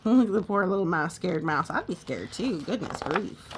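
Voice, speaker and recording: A woman's voice: lowish voice, expressive, normal speed, a little hiss or hum. A woman reading a picture book aloud at storytime, exclaiming and pointing out the pictures. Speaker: storytime reader.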